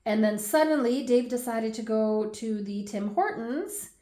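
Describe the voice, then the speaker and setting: A woman in her forties, the host of a scrapbooking channel, chatting through a baby album at home with laughs and animated asides. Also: fairly high pitch, measured pace, echoey room. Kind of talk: casual chatty album walkthrough.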